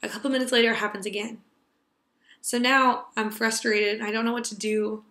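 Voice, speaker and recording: A young woman tells a heartfelt personal story to a class. Her voice sits a little high and sounds bright and clear. She speaks earnestly and tenderly, dropping to a near hush in the quiet moments. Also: little pitch movement, a little fast, echoey room.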